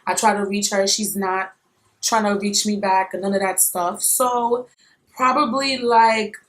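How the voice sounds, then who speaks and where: A woman vlogger telling a personal story in a blunt, animated, slangy way, with some swearing. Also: medium pitch, measured pace, rough recording. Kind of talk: casual storytime.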